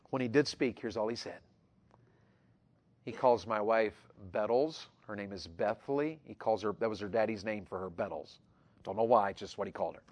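A middle-aged man, preaching a sermon to young people in an earnest voice that swings from loud urging to hushed tenderness. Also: lowish voice. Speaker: pastor.

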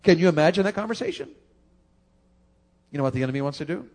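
A man's voice: lively intonation, fast, a little mellow. A male pastor, preaching a folksy sermon full of repeated words. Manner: folksy, repeats words, rises high for emphasis.

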